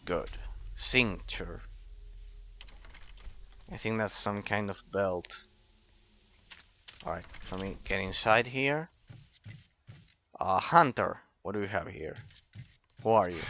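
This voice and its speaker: Slow, bright-voiced man narrating gameplay. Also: low voice, no room sound, lo-fi sound. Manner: thinks aloud, swears casually, trails off into fillers. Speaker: gameplay commentator. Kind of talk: casual let's-play commentary.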